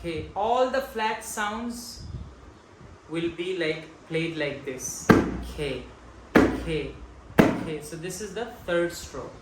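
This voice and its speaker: A man's voice: fairly high pitch, slow, pauses often. A man teaching a mridanga class, patiently explaining strokes and chanting the drum syllables aloud. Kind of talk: slow step-by-step music lesson. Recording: echoey room with clear background noise.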